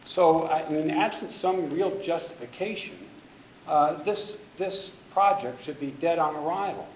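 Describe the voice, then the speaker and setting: A man with a fairly high voice speaks unhurriedly during public comment at a city council meeting, emphatically pushing pointed objections. The recording carries the echo of the council chamber and slight background noise.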